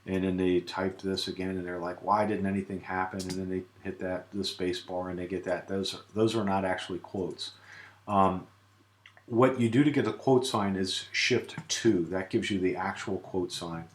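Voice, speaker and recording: A man giving a relaxed screen-recorded software tutorial, with many filler sounds. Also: deep voice, normal speed, reverberant. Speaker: tutorial presenter.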